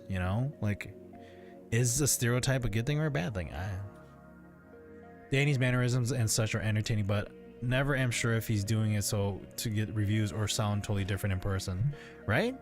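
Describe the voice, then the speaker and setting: A man hosting a livestream in casual chat, rambling and hesitant with frequent restarts. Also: medium pitch. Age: adult parent. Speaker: livestream host.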